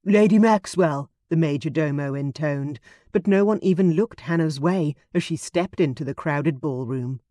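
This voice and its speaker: A woman narrating a period romance audiobook in a measured, expressive studio reading. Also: deep voice, dry recording.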